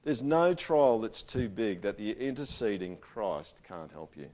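A pastor preaches a sermon to a church gathering in a conversational way, swinging between loud emphasis and quiet, intimate passages. His voice is fairly low, expressive, and a little slow.

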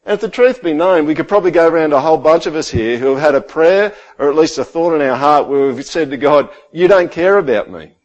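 A middle-aged man preaching a sermon in a conversational way, full of rhetorical questions, sometimes dropping to a quiet, intense tone. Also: a little high, quick pace, few pauses, dull audio. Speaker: pastor.

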